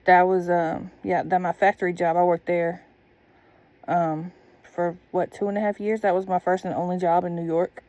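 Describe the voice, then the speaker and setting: A woman's voice: fairly low pitch, little pitch movement, normal speed, mellow. A woman telling a candid personal story in a blunt, profane, casual monologue. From Southern United States.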